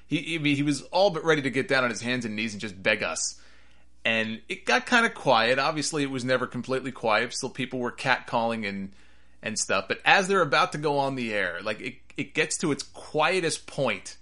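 A man's voice: mid-range voice, very animated, moderate pace, sharp tone. A man hosting a wrestling podcast, rambling and sarcastic in casual commentary.

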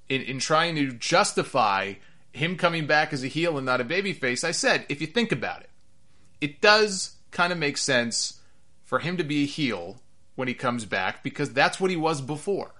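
Speaking alone about wrestling, this man is sarcastic and full of opinions, hammering points home by repeating them. He's animated throughout, and his pitch rises as he gets heated.

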